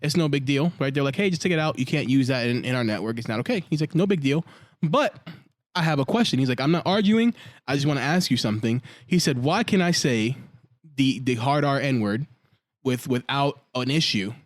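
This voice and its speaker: A man's voice: mid-range voice, fairly quick, dry recording, clean studio sound. A man co-hosting a casual podcast chat, telling stories and acting out quoted lines as he goes. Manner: animated storyteller, acts out quotes. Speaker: podcast co-host.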